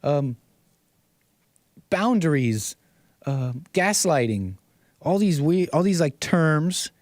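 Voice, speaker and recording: A man's voice: a little high, very animated, takes it slowly, darkish tone, no echo, clean studio sound. A man hosting casual online commentary, mocking and rambling, repeating himself and chuckling often.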